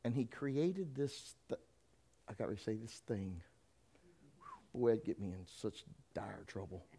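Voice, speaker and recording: A man preaching a sermon and telling his own story. He talks straight to the congregation and moves between quiet storytelling and shouted preaching. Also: fairly low pitch, lively intonation, measured pace, gravelly, a little hiss or hum. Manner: addresses the congregation directly. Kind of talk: sermon with personal testimony.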